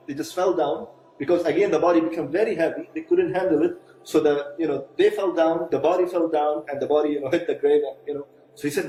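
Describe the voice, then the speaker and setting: A man's voice: fairly high pitch, fairly quick, a little mellow, slight background noise. Man telling a sermon story, echoey room. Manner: retells a story with quoted dialogue, many fillers. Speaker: preacher. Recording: echoey room with faint music.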